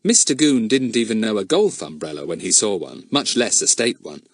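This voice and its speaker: A man narrating a children's storybook in an expressive storytelling manner. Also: lowish voice, normal speed, breathy edge, no room sound, clean studio sound. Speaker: audiobook narrator. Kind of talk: scripted narration.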